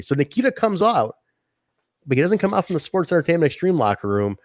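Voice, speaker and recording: Animated man reviewing wrestling, dry sound. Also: a little high, fast talker, no room sound. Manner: animated, laughs often, acts out quotes. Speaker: podcast co-host. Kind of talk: casual wrestling review chat. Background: live chat audience.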